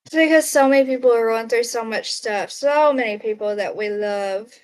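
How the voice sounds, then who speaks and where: A woman with a somewhat high voice chats through a casual livestream, talking straight to her viewers. She reads out their comments and reacts with quick gasps and exclamations. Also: clear, resonant tone. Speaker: livestream host.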